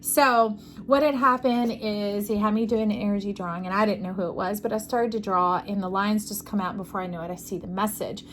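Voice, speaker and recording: A woman's voice: medium pitch, fairly even intonation, brisk, hardly any pauses, a little hiss or hum. A woman giving an intuitive tarot reading to camera, effusive and preachy, often checking in with the listener. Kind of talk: casual spiritual reading to camera.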